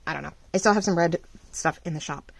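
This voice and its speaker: A middle-aged woman who owns a small shop and makes craft vlogs chats casually while she works, rambling along with lots of fillers and lively rises and falls. Her voice sits on the low side and is creaky, and she talks fast.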